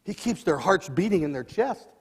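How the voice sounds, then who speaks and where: A man in his sixties preaching a sermon as dramatic storytelling, swinging between loud and soft passages, in a church sanctuary. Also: sits high, sing-song, normal speed, slightly rough. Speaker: lay preacher. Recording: long church reverb.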